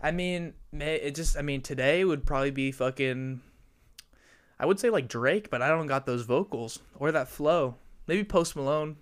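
A man's voice: on the high side, moderate pace, clean tone. A young man in casual podcast chat, swearing a lot and laughing often.

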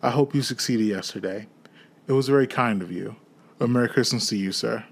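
A man doing Scrooge, a softened old miser. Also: mid-range voice, a little fast, gravelly, breathy edge. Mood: earnest. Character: old reformed miser, joyful and humble.

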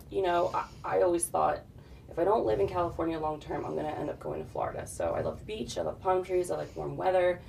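A woman in her forties talks casually as an interview guest, rambling in long, easygoing sentences. Her voice sits low, with heavy vocal fry and a dark tone. She sounds a little distant from the mic, with faint background noise. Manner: chatty, relaxed, talks in long run-on thoughts. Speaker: guest, fitness model and author.

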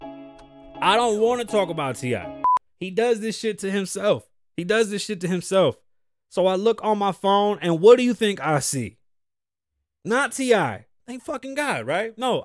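A man's voice: high voice, no room sound, studio quality. A man hosting his own show, ranting in casual commentary with profane outbursts and muttered asides. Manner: animated, profane, swings between loud outbursts and muttered asides. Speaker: podcast host.

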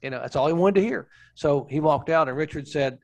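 A man's voice: a little high, fairly quick, creaky, low-quality recording. Older man telling racing stories. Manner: earnest storyteller who acts out quotes. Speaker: racing show co-host and former pit reporter. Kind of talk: anecdotal storytelling.

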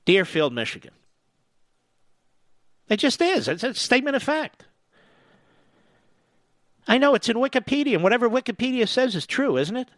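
A man's voice: extremely high pitch, big pitch swings, moderate pace, long pauses, a bit bright, dry recording. A man hosting a talk radio show, delivering a sarcastic, mocking and combative opinion monologue into a studio microphone. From US East Coast.

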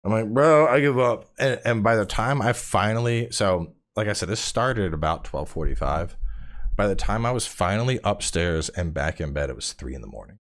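Tired deep-voiced man telling lively stories. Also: moderate pace. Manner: animated storyteller, swears freely. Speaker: podcast guest. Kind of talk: casual chat.

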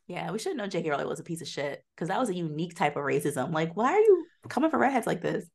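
A woman with a lowish voice co-hosts a podcast and recaps a teen show. She talks in a loose, casual way, laughing often and swearing freely, with lots of "like". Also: sing-song, rapid-fire, gravelly. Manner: swearing, laughing, filler-heavy. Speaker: podcast co-host.

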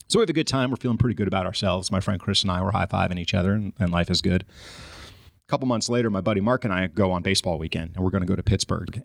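A man telling a story as a podcast guest, animated and acting out his own frustration. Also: low voice, gravelly, no echo, clean studio sound. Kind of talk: storytelling in casual podcast chat.

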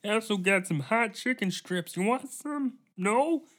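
A man voicing a cheerful, oblivious guy chatting past a funeral with his groceries, in a much higher, louder voice. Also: lively intonation, a little slow, full character voice. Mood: chirpy. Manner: chirpy, oblivious small talk.

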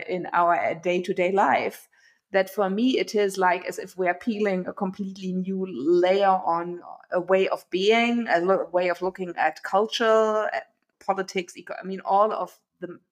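A woman hosting a conversation, framing a question thoughtfully with hesitations and fillers. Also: medium pitch. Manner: hesitant, with many fillers and restarts. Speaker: host.

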